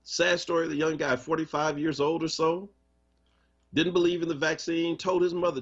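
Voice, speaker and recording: A man's voice: a little high, level tone, normal speed, breathy edge. A man hosting a live radio talk show, speaking in an impassioned, conversational and emphatic way. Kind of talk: live radio talk, reading listener comments. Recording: muffled radio stream.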